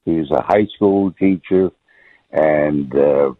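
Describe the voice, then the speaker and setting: A man's voice: rumbling low, takes it slowly, no echo. A man calling in to a radio show, giving his opinion with many hesitations and fillers. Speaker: radio caller. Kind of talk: call-in opinion. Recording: muffled phone line.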